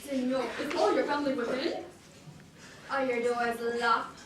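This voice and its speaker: A woman playing a foolish young gentleman. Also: high voice, fairly even intonation, unhurried, a little hiss or hum. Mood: urgent. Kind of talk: amateur stage acting. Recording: very echoey room from far off.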